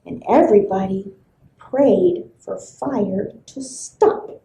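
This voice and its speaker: A woman librarian reading a folk tale aloud to children, expressive and full of sound effects. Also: fairly high pitch, slow pace, echoey room, low-quality recording. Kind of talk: storybook read-aloud for children.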